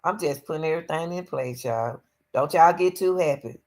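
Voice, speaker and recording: A woman's voice: sits low, moderate pace, darkish tone. A woman hosting her own commentary channel, giving blunt, opinionated takes and talking straight to her viewers in a casual way.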